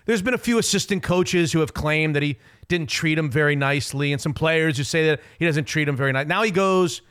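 A man hosting a sports radio show, talking in an opinionated, emphatic, rapid way. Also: on the high side, fairly bright tone, clean tone. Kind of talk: casual sports talk.

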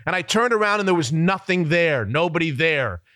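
A man hosting a sports podcast, telling a story in a casual, animated way and laughing at himself. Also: a little high, fairly quick, dry recording, clean studio sound. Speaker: sports radio host.

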